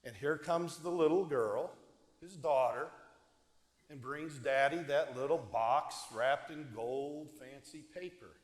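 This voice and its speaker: A man's voice: mid-range voice, slow. A man, a deacon giving a homily that tells stories and asks the congregation questions. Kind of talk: homily, storytelling. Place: church sanctuary. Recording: echoey church hall.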